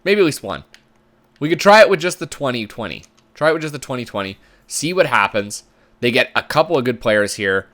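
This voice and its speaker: A man's voice: mid-range voice, big pitch swings, fairly quick, a bit bright. A man giving casual commentary while playing a sports management game, thinking aloud in a chatty way. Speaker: gamer commentator.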